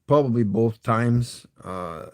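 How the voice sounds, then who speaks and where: A man's voice: medium pitch, takes it slowly, smooth, dry recording, studio quality. A middle-aged man with a Canadian accent, rambling and chuckling as he chats casually with his live-stream viewers. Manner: rambling, chuckling, talks to chat.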